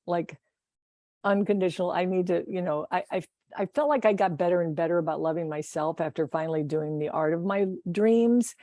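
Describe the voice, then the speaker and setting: A woman with a soft, mellow voice talks through her experiences as a podcast guest, recorded dry with no room echo. She meanders, trims her own sentences mid-thought and breaks into frequent laughter. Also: on the low side, brisk. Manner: rambling, self-correcting, laughs often. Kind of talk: casual conversational interview.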